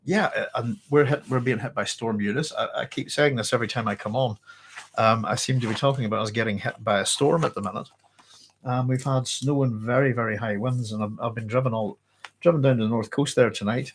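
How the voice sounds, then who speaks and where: A man's voice: medium pitch, a little fast, slight background noise. A man from Northern Ireland with a Northern Irish accent hosts a live book club stream, chatting casually and apologizing a lot while slightly out of breath. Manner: apologetic, chatty, self-interrupting.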